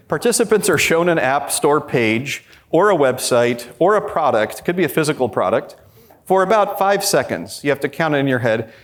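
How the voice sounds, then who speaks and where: A man presenting a conference workshop, talking energetically and addressing the audience directly. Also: a little high. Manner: quotes imagined people in a raised voice.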